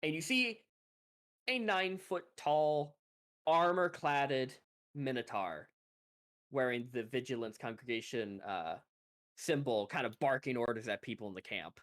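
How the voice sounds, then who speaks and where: A man narrating as game master in a loose, rambling way, quick to laugh. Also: mid-range voice, fairly bright tone.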